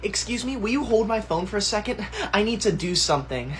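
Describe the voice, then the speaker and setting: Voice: medium pitch, expressive, brisk, a crowd in the background, close to an everyday voice. A performer playing an entitled, bossy schoolkid in a comedy skit, talking in a haughty, scolding, mock-formal way. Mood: fake-outraged. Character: bossy entitled schoolkid who bullies classmates. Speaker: content creator.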